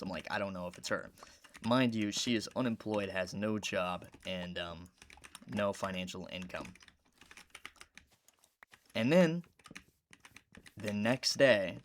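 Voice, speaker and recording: A man with a low voice tells a meandering story while he plays a video game at his computer. He talks casually and rambles, now and then breaking into loud outbursts at the game. Faint keyboard clicks sit under his voice. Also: a little hiss or hum. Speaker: gaming YouTuber.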